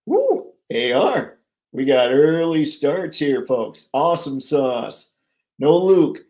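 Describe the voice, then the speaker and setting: An upbeat man with a slightly high voice hosts a casual live stream and chats with viewers. His talk is jokey and chatty. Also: lively intonation, normal speed, darkish tone. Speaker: host of a toy collecting live stream.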